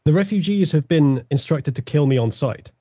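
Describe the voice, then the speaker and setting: A man's voice: fairly high pitch, animated, normal speed, dark tone. A man playing a tabletop game, joking and swearing about his bad luck. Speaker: player. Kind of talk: casual tabletop game chat.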